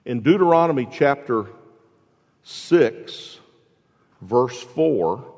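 A man pastor delivering a sermon, asking the congregation questions and dropping from loud emphasis to hushed tones. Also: medium pitch, animated, slow. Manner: preaching with rhetorical questions, swings from loud to hushed. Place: church sanctuary. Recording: long reverb in a large hall.

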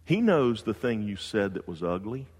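A man preaching a sermon in a church, telling a story with lively excitement that drops to slow, hushed earnestness. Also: lowish voice, breathy edge, big-room sound. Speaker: pastor.

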